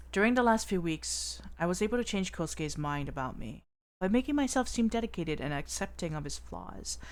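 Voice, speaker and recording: A young woman streamer reads a game's narration aloud, breaking off for playful asides. Her voice sits low and moves through a wide, lively range. Clear game music plays behind her. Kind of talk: reading a game aloud with casual commentary.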